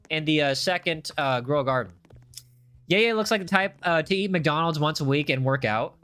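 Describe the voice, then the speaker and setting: A man's voice: sits high, pushed and bright. A man hosting a live gameplay stream, reading chat aloud and chatting in a playful, teasing way. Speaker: gaming livestream host.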